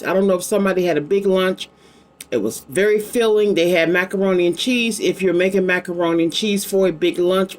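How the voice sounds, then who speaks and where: A chatty middle-aged woman runs a relaxed psychic card reading. She rambles easily from card to card, talking in a warm, everyday tone. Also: medium pitch. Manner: chatty, rambling, affectionate asides to her child. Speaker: psychic tarot reader. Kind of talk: casual live card-reading vlog.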